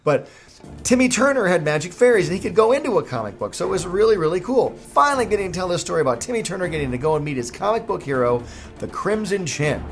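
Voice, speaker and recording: A man's voice: sits high, big pitch swings, quick pace, soft background music. A man, a cartoon creator, telling a jokey, self-mocking story in a casual vlog.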